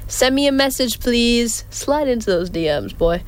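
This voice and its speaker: Her voice here is a little high with lively intonation, at a moderate pace. She is a young adult hosting a casual community radio show in a radio studio, chatty and rambling, with frequent giggles and ums.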